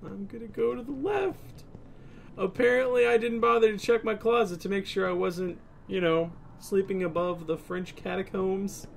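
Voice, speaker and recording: Young male let's play host, bright high voice, excitable and profane. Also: normal speed, vocal fry, a little hiss or hum. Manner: excitable, swears often, bursts of laughter. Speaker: gaming video host.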